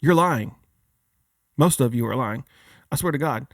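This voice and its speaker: A man's voice: mid-range voice, lively intonation, a little slow, dry recording, studio quality. A man hosting a podcast, a father of young kids, delivering a joking, casual holiday rant and firing many questions at his listeners. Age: adult, father of young kids. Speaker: podcast host.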